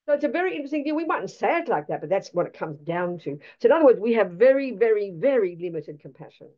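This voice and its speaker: Animated woman giving a Buddhist teaching. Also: mid-range voice, quick pace, highs cut off. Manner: animated, emphatic and blunt, with rhetorical questions.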